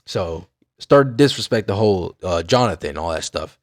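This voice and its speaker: Animated, swearing young man. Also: sits low, normal speed. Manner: animated, profane, trails off into mumbles. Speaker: streamer. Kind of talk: casual rant about an anime.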